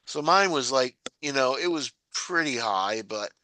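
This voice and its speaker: A man's voice: lively intonation, unhurried, sharp tone, a little hiss or hum. A man, rambling through stories in casual chat on a video call. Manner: rambling storyteller, mimics people in a high voice. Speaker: meeting participant.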